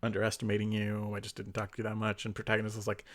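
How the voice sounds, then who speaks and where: With a fairly low, monotone voice, a man rattles off a fanfic plot at rapid-fire speed while co-hosting a podcast. The chat is casual and rambling, packed with fillers and quoted lines.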